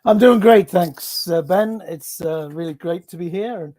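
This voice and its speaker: High-voiced Northeast English man. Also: measured pace, dark tone. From Northeast England. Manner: hesitant, repeats words, good-humored. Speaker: guest. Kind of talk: interview conversation.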